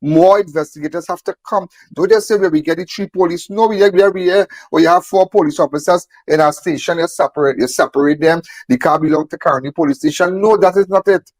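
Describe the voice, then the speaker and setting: A man's voice: fairly high pitch, fairly quick, a little mellow, dry recording. A man speaking emphatically, repeating phrases and firing off rhetorical questions. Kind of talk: impassioned on-camera talk.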